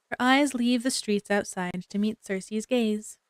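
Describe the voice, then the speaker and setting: A woman streamer reading a story game aloud, with animated, chatty asides to her viewers. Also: medium pitch, unhurried, clean tone, no echo, clean studio sound. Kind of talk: reading a visual novel aloud to chat.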